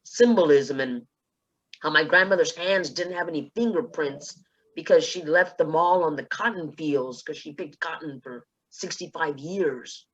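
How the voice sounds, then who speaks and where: A woman from South Texas on a panel, telling a personal story in a lively way and acting out the dialogue. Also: low voice, unhurried, lo-fi sound. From South Texas, USA. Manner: lively, acts out dialogue in quotes. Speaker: panelist, speech contest finalist.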